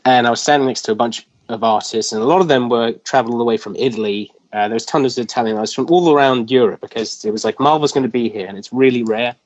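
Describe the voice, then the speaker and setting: A man's voice: medium pitch, fast, hardly any pauses, dry recording. A man in his twenties, a comic artist, recounting a story as a guest in a casual interview, with lots of fillers. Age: 20s. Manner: rambling, animated retelling with filler words. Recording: dull lo-fi dry recording.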